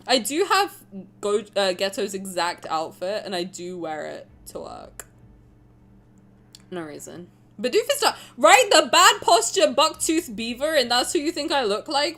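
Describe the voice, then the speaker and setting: A woman's voice: medium pitch, fairly bright tone. A young woman streaming a game, chatting playfully with her chat, teasing and swearing freely. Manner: answers chat messages aloud. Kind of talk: casual livestream chat.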